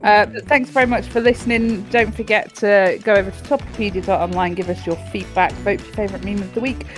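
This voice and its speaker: A woman's voice: mid-range voice, fairly even intonation, fast, soft background music. A woman co-hosting a casual podcast, chatty and giggly, sometimes ranting. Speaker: podcast co-host. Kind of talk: casual chat.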